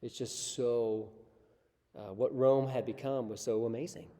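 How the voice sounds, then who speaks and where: A man's voice: medium pitch, fairly even intonation, a little slow, dark tone. A man teaching a Bible study in a casual, conversational way, often checking in with his listeners. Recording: long hall reverb.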